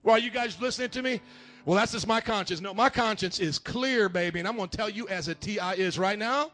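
High-voiced man preaching an animated sermon. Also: fast talker. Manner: animated, shouting at times, acts out quoted voices. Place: church.

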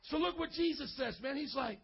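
A man preaching an energetic, slang-filled sermon at a church service, often breaking into shouts. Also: extremely high pitch, a little fast, creaky, lo-fi sound. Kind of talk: lively youth sermon.

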